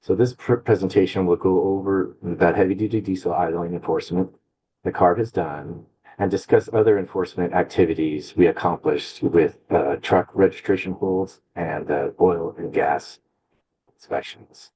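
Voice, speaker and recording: A man from an agency giving a slide presentation at a public meeting over a video call, speaking haltingly with restarts. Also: low voice, steady tone, mellow, a little hiss or hum, low-quality recording. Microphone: computer mic on a video call.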